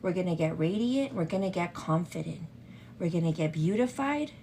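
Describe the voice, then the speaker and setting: A woman's voice: lowish voice, lively intonation, normal speed, mellow, slight background noise. A woman hosting a casual get-ready-with-me makeup show, chatting affectionately and greeting viewers in a sing-song way.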